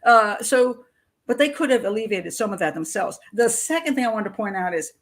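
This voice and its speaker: A woman's voice: mid-range voice, lively intonation, fairly quick. Middle-aged woman host, blunt and chatty, plain mid-range voice, frequent chuckles. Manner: blunt, conversational, reads chat comments and laughs often. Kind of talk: live-stream commentary.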